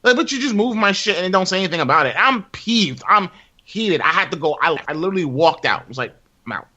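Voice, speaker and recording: A man on a podcast, telling a long rant in casual chat, profane and animated, acting out quotes. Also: high-pitched, quick pace. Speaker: podcast co-host. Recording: dull lo-fi sound.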